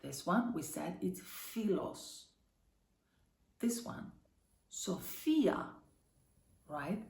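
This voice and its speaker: A woman teaching a language lesson online, upbeat and encouraging, saying each word slowly and carefully. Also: deep voice, lively intonation, creaky, darkish tone, reverberant.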